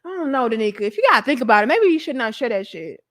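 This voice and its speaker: A woman's voice: fairly high pitch, rapid-fire. A young woman hosting a talk show, telling a candid, profane story to her viewers. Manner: animated, profane, talks to herself. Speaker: podcast host.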